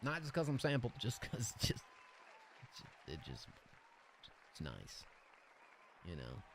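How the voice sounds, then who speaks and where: A young man hosting a live-stream song review, excitable and slangy, laughing often as he reacts. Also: mid-range voice, takes it slowly, some chatter behind, slight background noise.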